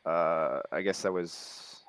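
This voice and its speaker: Low-voiced hesitant male interviewer. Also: slow, a bit bright, dry recording. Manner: hesitant, polite questioning with fillers. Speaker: interview host. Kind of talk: interview questions.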